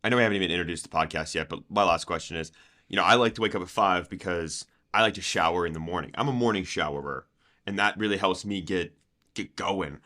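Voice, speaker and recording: A podcast co-host trading jokes in casual, playful banter. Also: male voice, low voice, fast talker, pushed and bright. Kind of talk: casual chat.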